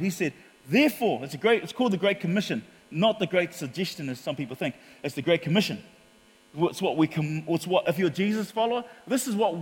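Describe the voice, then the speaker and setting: A man with a New Zealand accent preaching a sermon as pastor, animated in his storytelling. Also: a little high, long reverb tail. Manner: animated storytelling, acts out quotes.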